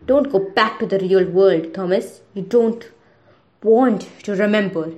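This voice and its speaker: A woman voicing a crazed, menacing teenage boy who talks slowly with a sneer. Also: medium pitch, a little mellow, highs cut off, natural voice. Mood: raging. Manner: slow, sneering and unhinged.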